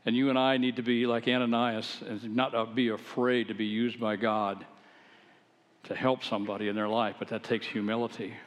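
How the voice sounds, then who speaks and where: A man's voice: medium pitch, little pitch movement, moderate pace, dull audio. Man preaching in a reverberant hall. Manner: earnest, rising to emphatic exhortation. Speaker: pastor. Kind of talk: sermon.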